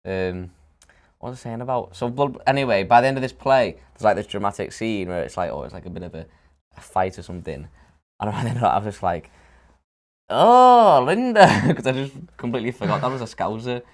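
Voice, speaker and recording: Young Northern English man from St Helens, low-pitched, laughing storyteller in a podcast chat. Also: fast. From St Helens, England. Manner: chatty storyteller, laughs often, acts out quotes. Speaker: podcast co-host. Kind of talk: casual chat.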